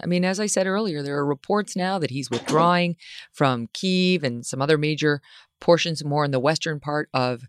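A woman's voice: sits low, clear, resonant tone, dry recording, studio quality. A woman host running a playful mock interview, wry and teasing.

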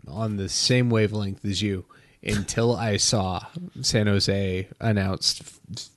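A man with a lower voice talking hockey on a podcast. He speaks in a measured, sardonic way. The recording is dry and close. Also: no room sound. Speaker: podcast co-host. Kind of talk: casual sports chat.

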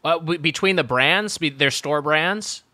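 A man co-hosting a podcast in casual chat, inquisitive and quick to banter. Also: a little high, sharp tone, no echo, studio quality. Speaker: podcast co-host.

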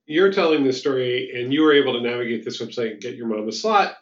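A man hosting a casual podcast chat, telling stories in an animated way with lots of "like" and restarts. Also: mid-range voice, fast, reverberant, dull audio. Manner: animated storytelling, frequent "like" and restarts. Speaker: podcast host.

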